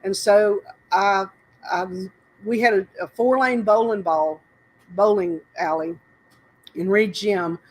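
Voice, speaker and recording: A woman's voice: mid-range voice, fairly even intonation, slow pace, a little mellow, low-quality recording. Older woman telling rambling stories. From North Carolina. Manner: rambling, laughs often, self-interrupting. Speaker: interview guest. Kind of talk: casual storytelling.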